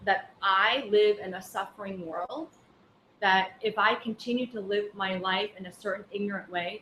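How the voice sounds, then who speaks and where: A woman's voice: medium pitch, a little hiss or hum. A woman teaching a Buddhist class in a chatty, anecdotal way full of fillers. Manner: conversational, anecdotal, many fillers. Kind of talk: casual dharma class talk. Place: class room. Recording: echoey room with faint ambience.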